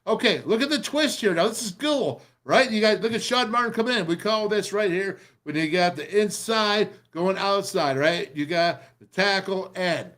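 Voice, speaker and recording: A middle-aged man hosting a show, excitedly breaking down football game film in a rambling, pumped-up way. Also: sits high, normal speed, hardly any pauses.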